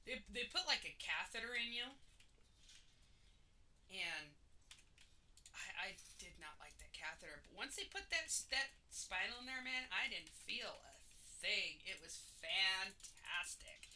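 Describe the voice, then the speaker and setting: A woman's voice: mid-range voice, animated, a little slow, sharp tone, distant mic, a little hiss or hum. A woman in her forties chatting casually while gaming on a stream, rambling with jokey, self-mocking asides.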